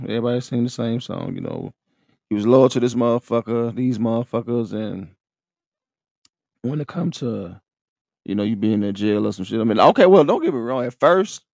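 Speaking to camera, this man rambles in profane street slang, his low voice gravelly and a little mellow. The recording is dry and close, with no room sound.

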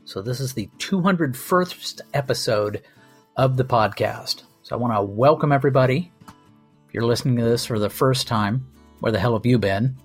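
Man, podcast host, husky voice, sardonic and profane comedic rant, faint music underneath. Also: mid-range voice, normal speed. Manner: sardonic, profane, self-deprecating. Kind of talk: casual comedic monologue.

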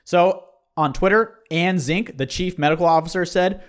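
A man co-hosting a podcast in a relaxed, rambling way, thinking out loud. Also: high-pitched, normal speed. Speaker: podcast co-host. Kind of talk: casual podcast chat.

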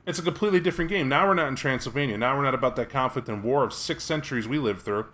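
A man's voice: mid-range voice, rapid-fire, bright, forceful tone. A man co-hosting a casual podcast as a game master, making emphatic, sarcastic rhetorical points. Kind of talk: casual chat.

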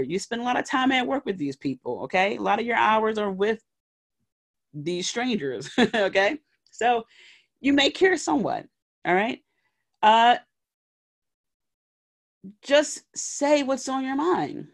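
A woman hosts a solo podcast as a life coach, offering motivational advice in a medium-pitched, lively voice at a measured pace. Conversational in tone, she checks in often with "okay?" and "all right?" and acts out little scenes using brief put-on voices.

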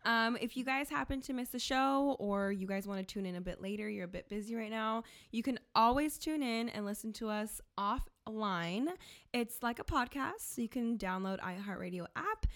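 A woman's voice: on the high side, normal speed, fairly bright tone. A woman co-hosting a radio show, in giggly, bubbly casual chat from a studio. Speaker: radio co-host.

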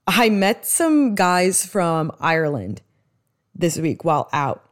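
A woman's voice: fairly low pitch, big pitch swings, slow. A woman with a New York accent, from the US East Coast, hosting a podcast in rambling, chatty solo talk with many restarts. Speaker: podcast host. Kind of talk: casual solo podcast chat.

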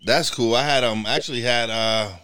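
Man from New York, podcast host, bright tense voice, casual rambling chat, lots of restarts. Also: mid-range voice, normal speed, smooth. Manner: rambling, many restarts and repeated words.

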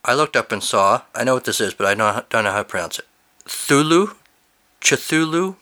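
Host, male, bright voice, reads goofy listener stories with amused asides. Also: fairly low pitch, fast. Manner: animated, amused asides between read lines. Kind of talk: reading fill-in-the-blank stories aloud with commentary.

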